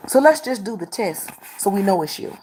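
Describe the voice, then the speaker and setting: A combative woman on a livestream, calling out her chat again and again. She scolds and repeats herself, with an everyday pitch that sits in the middle of the range. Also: animated, normal speed, a little mellow, a little hiss or hum. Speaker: livestreamer doing readings. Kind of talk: confrontational livestream talk to chat.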